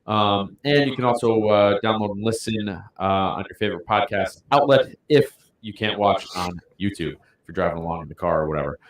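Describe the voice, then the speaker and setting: A man with a low voice co-hosts a casual podcast about bowling. He talks in a loose, rambling way, full of fillers, and laughs often. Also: brisk, few pauses, a little hiss or hum. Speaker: podcast co-host.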